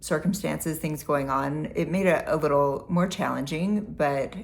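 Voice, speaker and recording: A woman with a low voice recounts a hard day of workouts in a casual video. She sounds tired but proud. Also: unhurried, gravelly. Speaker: fitness program member.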